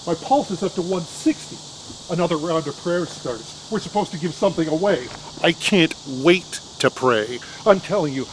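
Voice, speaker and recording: A man's voice: high-pitched, fairly bright tone, slight background noise, low-quality recording. Wry anxious middle-aged man telling a story. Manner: wry, anxious, self-mocking. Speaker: monologist. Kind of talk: comic storytelling monologue.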